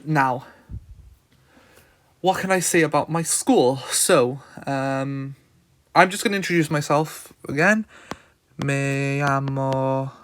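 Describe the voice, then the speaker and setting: A man's voice: fairly high pitch, a bit bright, a little hiss or hum. Man tutoring casually with many ums. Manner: thinks aloud with frequent ums. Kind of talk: casual screen-recorded lesson.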